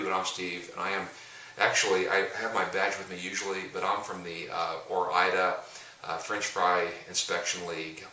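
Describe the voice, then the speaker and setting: Deep-voiced jokey man, roomy distant sound. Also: bright, forceful tone. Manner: jokey, rambling, with frequent restarts. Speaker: pastor and coach. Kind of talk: casual storytelling talk. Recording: roomy echo, distant mic, faint hiss.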